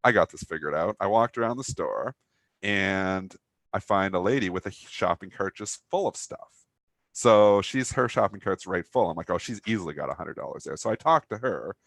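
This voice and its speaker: Male co-host, low voice, chatty rambling anecdote, dry close mic. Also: animated, normal speed, creaky, fairly bright tone, dry recording. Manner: rambling storyteller, many fillers, laughs at own story. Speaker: co-host of a trading talk show. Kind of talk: casual anecdote chat.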